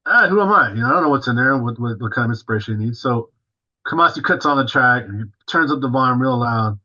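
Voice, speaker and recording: A man's voice: mid-range voice, animated, fast, bright, forceful tone, highs cut off. A male drummer, a guest on an interview, tells a story casually and animatedly, full of fillers and acting out what others said.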